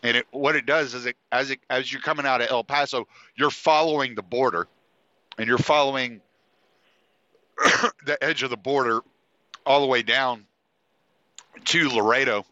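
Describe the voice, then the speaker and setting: A man's voice: medium pitch, fairly even intonation, normal speed, long pauses, sharp tone, dry recording, dull audio. A man hosting a podcast in a casual, rambling monologue, swearing freely and restarting his sentences, and congested. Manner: rambling, profane, with frequent fillers and restarts. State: congested, sniffly. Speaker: podcast host.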